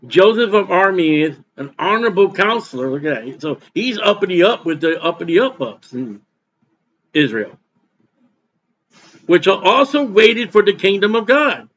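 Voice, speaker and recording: A man's voice: high-pitched, big pitch swings, normal speed, fairly bright tone, lo-fi sound, slight background noise. A man preaching a sermon as pastor, emphatic and repeating his points for stress.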